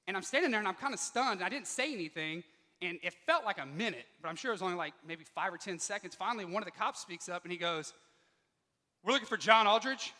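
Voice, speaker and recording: Animated male speaker, bright voice in a hall. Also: sits high, quick pace. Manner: animated, acts out quoted dialogue. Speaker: motivational speaker. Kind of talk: personal storytelling speech to students. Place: school auditorium.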